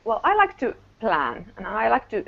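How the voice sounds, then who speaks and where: Woman, casual call guest, halting delivery, gravelly vocal fry, lo-fi audio. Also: fairly high pitch, huge pitch swings. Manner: hesitant, halting, many restarts. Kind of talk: casual online group discussion. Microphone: video call.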